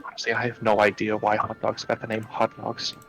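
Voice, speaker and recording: A man playing a tabletop game, explaining things with hesitant pauses. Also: fairly low pitch, completely flat delivery, creaky, fairly bright tone, faint music behind, poor audio. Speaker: player. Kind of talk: casual tabletop role-play.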